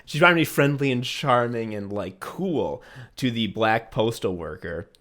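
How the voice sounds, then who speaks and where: An expressive, unhurried man with a medium, fairly bright voice co-hosts a loose comedy podcast. He goes on profane rants, puts on mock voices, and laughs a lot as he speaks.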